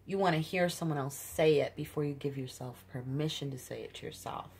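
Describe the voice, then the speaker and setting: A woman's voice: low voice, a little fast, creaky, darkish tone, slight background noise. A woman giving an intuitive tarot reading to her viewers, earnest and emphatic, often stopping to search for words. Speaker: tarot reader.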